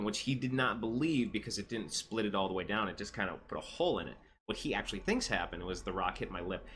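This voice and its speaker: A man's voice: lowish voice, slight background noise. A man in his thirties casually telling a rambling personal story as a vlogger, with lots of restarts. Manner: rambling, animated, with restarts and quoted voices.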